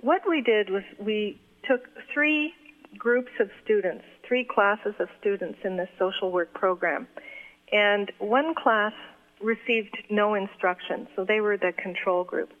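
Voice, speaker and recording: A woman professor calmly explaining in a measured way why second-language learners keep accents. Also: medium pitch. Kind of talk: explanatory interview talk. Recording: phone-like narrow band.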